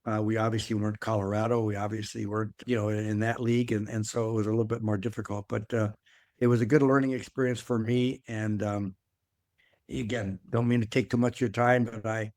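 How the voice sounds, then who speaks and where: A man's voice: lowish voice, level tone, a little fast, a little mellow, no room sound, studio quality. An older man, a guest in an interview, telling a long career story in a rambling way, often repeating words and filling with "uh". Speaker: guest, former athletic director. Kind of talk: conversational storytelling.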